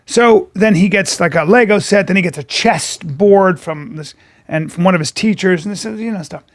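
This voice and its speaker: A middle-aged man, a podcast co-host telling stories in casual chat, animated and profane, acting out the people in them. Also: high-pitched, normal speed.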